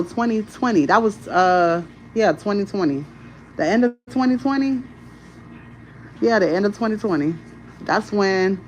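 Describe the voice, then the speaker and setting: A woman, a spiritual content creator, tells viewers a rambling, animated, profane story in casual chat. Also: low voice, slight background noise, low-quality recording.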